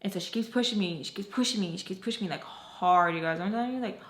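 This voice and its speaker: A woman's voice: mid-range voice, quick pace. A young woman vlogger telling a personal story in a casual, chatty way, full of "like" and "you guys", acting out bits of dialogue. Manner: expressive, retelling scenes with quoted dialogue. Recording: roomy echo.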